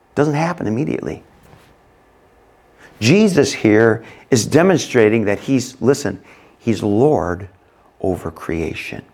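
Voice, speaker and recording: A middle-aged man preaching a sermon in an expressive way, acting out voices in sudden loud, high bursts. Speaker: pastor.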